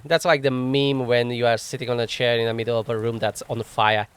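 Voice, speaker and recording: A gaming channel host runs a casual let's play, thinking aloud as he plays, chuckling often and mocking himself wryly. His medium-pitched voice is level and fairly quick, with a clean tone from a desk microphone.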